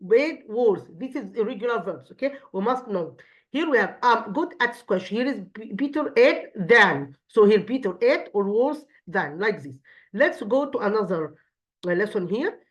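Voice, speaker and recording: A woman's voice: medium pitch, expressive, normal speed, dull audio. A woman with an Egyptian accent, a native Arabic speaker, teaching an English grammar lesson to children with many fillers and restarts.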